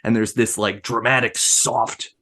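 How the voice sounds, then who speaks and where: A man's voice: lowish voice, level tone, measured pace, a bit bright. A man in his forties co-hosting a casual podcast chat, joking and rambling as he explains. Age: 40s. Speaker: podcast co-host.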